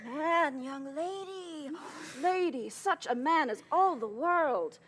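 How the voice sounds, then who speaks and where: A woman's voice: high voice, expressive, slow pace, a bit bright, a little hiss or hum, heavily acted. A woman playing a garrulous, bawdy old nurse who rambles and laughs, acting Shakespeare on an outdoor stage. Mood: chattering. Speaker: stage actor.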